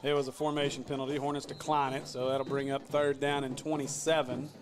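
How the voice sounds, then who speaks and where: A man doing play-by-play for a high school football game, joking with his partner and shouting on big plays. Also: flat delivery, a little fast. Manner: jokey, laughs often, shouts big plays. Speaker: play-by-play announcer.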